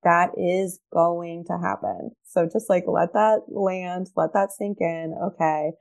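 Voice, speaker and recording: A woman's voice: lowish voice, lively intonation, takes it slowly, creaky, a little mellow. A woman in her thirties, a therapist and podcast guest, speaking earnestly and emphatically and repeating her key points. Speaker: guest, behavioral health therapist. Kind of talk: conversational podcast interview.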